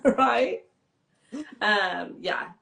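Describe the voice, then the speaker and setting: A woman talks casually over a video call, her pitch sitting in the middle range. She is chatty and laughs often, and she slips into little impressions of other people. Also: expressive, extremely slow, vocal fry, fairly bright tone, echoey room. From Texas. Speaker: writing sprint host. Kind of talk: casual chat.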